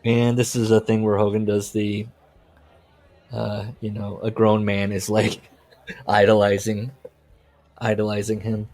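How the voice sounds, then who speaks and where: Guy on a podcast, kinda low voice, reading from a book and cracking jokes. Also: monotone, a little slow, long pauses, darkish tone. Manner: reads book passages aloud with jokey asides. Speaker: podcast co-host. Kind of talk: casual book-club chat.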